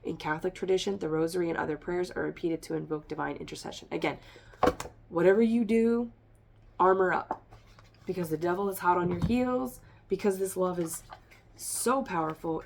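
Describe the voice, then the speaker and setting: A woman tarot reader gives a rambling, emphatic spiritual reading, speaking straight to her listeners and sounding a little congested. Her voice sits on the low side, creaky and a little mellow, with slight background noise.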